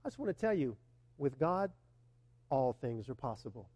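A male pastor preaching to his congregation, emphatic, swinging between loud urging and hushed, tender asides and often asking the listeners questions. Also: medium pitch, sing-song, moderate pace, no room sound, in a large hall. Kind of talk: sermon.

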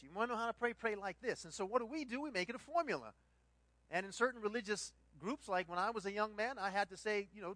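A middle-aged man preaching a sermon, telling stories with lively put-on voices and bursts of laughter. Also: very high-pitched, no room sound. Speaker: pastor.

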